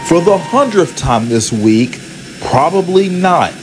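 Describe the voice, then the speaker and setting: A man's voice: on the high side, sing-song, takes it slowly, music in the background, voice pushed up. A man voicing a grumpy, irritable male train engine with a huffy, snappish manner. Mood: irritated.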